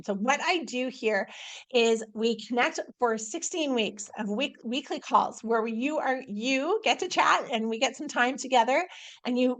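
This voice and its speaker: A woman working as an intuitive life coach, talking at home in a casual live video, upbeat and rambling, with many restarts and fillers. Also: fairly high pitch.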